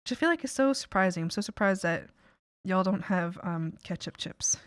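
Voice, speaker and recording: A woman's voice: medium pitch, animated, normal speed, smooth, no echo, studio quality. A Canadian woman streamer chatting casually while she draws, laughing often and swearing casually, with some playful scolding.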